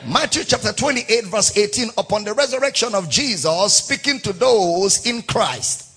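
A man's voice: high-pitched, big pitch swings, a little slow, fairly bright tone, husky. A male pastor preaching a sermon in a church, emphatic, repeating key words in a sing-song cadence.

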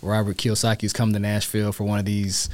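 A man's voice: on the low side, quick pace, a crowd in the background. A man, a real estate agent telling his story in a casual interview and acting out quoted voices. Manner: animated, acts out quotes in a raised voice.

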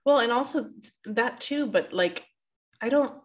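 A woman's voice: a little high, expressive, unhurried. A woman, a coach, co-hosting a podcast in chatty, upbeat casual talk with frequent giggles. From Canada. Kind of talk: casual chat.

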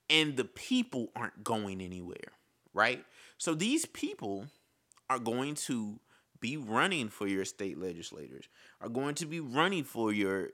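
A man's voice: medium pitch, pushed and bright. A man giving an impassioned casual monologue, repeating his points and calling the listener "bro". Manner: impassioned, repetitive, says "bro".

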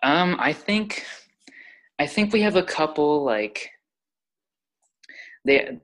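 An excitable player in a tabletop role-playing game. The talk rambles, with lots of fillers, between in-character and out-of-character remarks. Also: medium pitch, slow pace. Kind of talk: casual tabletop role-play.

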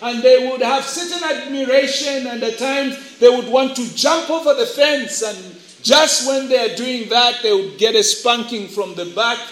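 A man's voice: very high voice, moderate pace, hardly any pauses, fairly bright tone. A man preaching a sermon to young people, acting out voices as he tells stories. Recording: echoey room.

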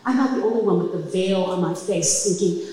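A woman's voice: lowish voice, brisk. A middle-aged woman tells her own story live on a club stage, pressing her words with emphatic, impassioned force. Her voice sounds distant, carried by a long, echoing room reverb over a faint hum of noise. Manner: emphatic and impassioned, building to loud peaks.

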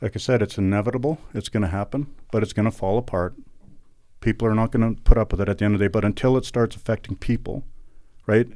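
A man's voice: fairly low pitch, fast talker, a little mellow, no room sound, clean studio sound. A middle-aged man from Canada, talking emphatically in a podcast interview, repeating words and building to fervent outbursts. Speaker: guest, former election candidate. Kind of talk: podcast interview, impassioned political talk.

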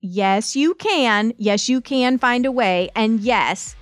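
A woman's voice: a little high, slow pace, dry recording, studio quality. A middle-aged woman hosting her podcast as a business coach, talking in an emphatic, direct and motivational way. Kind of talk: solo podcast monologue.

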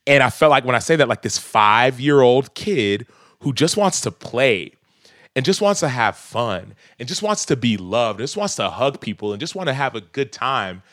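A man's voice: mid-range voice, animated, normal speed, fairly bright tone, no room sound, studio quality. A man in his thirties, a podcast guest talking earnestly and reflectively in casual conversation, often breaking into laughs.

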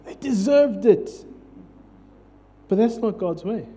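A pastor preaching in an unhurried, easygoing sermon. His voice sits high for a man yet sounds mellow and warm. He keeps it conversational and jokey, checking in with the congregation as he goes. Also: expressive.

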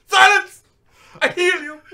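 A man voicing a grandiose male swashbuckler with a put-on Cuban accent, booming his lines. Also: steady tone, extremely slow, creaky, sharp tone, full character voice. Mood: grand.

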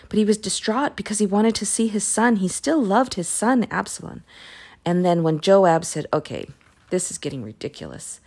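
A woman casually retelling a Bible story, chatty and animated, with asides. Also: fairly low pitch. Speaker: podcast host reading the Bible. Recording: voice message recording.

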